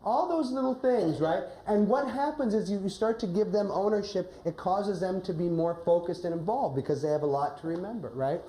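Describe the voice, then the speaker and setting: A woman drama coach runs a class through a play rehearsal, giving instructions and frequently asking "right?". Her mid-range voice is mellow and brisk with few pauses, and the echoey classroom carries faint noise.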